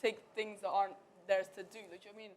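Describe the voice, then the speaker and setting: Fast-talking young woman in discussion. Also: medium pitch. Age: young adult. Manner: fast and animated, heavy use of "like". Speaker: panel cast member. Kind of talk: casual discussion.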